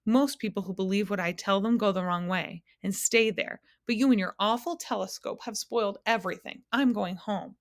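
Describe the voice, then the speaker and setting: A woman's voice: medium pitch, moderate pace, few pauses, no echo, natural voice. Brief: tiny furry demon, whiny and sobbing, dry sound, voiced by a woman. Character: small furry whimpering male demon.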